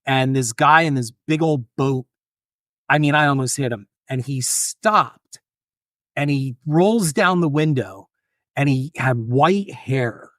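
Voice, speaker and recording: A man's voice: medium pitch, slow, no room sound, studio quality. A man telling funny personal stories as a podcast guest, acting out the other people in them. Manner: animated, acts out voices in anecdotes. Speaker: guest filmmaker and author. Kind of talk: casual storytelling.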